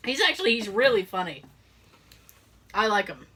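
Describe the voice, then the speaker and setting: A husky, medium-pitched voice at a moderate pace belongs to a middle-aged woman co-hosting a podcast. She tells a story casually, acting out the quoted voices with plenty of animation and frequent laughs.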